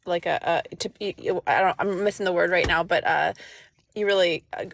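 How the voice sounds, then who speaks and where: Lady on a live stream, keeps losing her words, um and uh a lot, kinda low voice. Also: vocal fry, a little hiss or hum. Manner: halting, searches for words, many fillers. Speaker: livestream guest. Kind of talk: casual chat.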